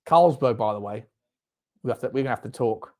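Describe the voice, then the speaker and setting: A man's voice: medium pitch, fairly quick. A man hosting a live football watchalong, chatting with viewers between outbursts at the game. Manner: chatty, reads out viewer comments, bursts into shouting at the referee and chances. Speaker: fan watchalong host.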